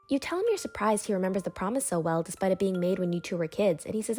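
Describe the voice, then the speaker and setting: A woman's voice: medium pitch, lively intonation, fast, hardly any pauses, darkish tone, soft background music. A woman narrating a fan scenario in the second person, plainly telling the listener what happens. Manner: plain storytelling, addressing the listener as you.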